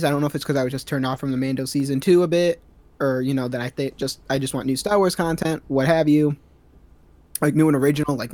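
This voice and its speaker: A man's voice: fairly high pitch, a little mellow, dry recording. A young man co-hosting a podcast, talking bluntly and profanely with joking bursts of mock anger. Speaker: podcast co-host. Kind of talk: casual podcast chat.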